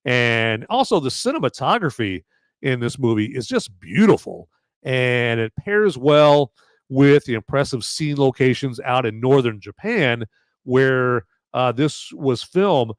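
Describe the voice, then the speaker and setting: Speaking a little slowly with lively intonation, this man has a mid-range voice captured in a dry, studio-quality recording. As a podcast host reviewing a movie and a beer casually, he rambles, fills gaps with fillers, and keeps asking "okay?"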